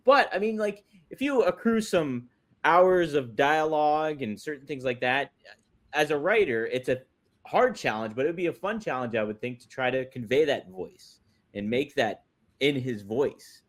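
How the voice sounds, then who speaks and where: A man's voice: mid-range voice, animated, normal speed, a bit bright. A man co-hosting a podcast in casual chat, easygoing and thinking aloud. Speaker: podcast co-host.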